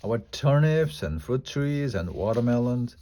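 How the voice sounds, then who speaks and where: A man's voice: medium pitch, animated, unhurried, close to an everyday voice. A man voicing a frightened pioneer schoolboy in a storybook reading. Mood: upset. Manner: shouting, alarmed.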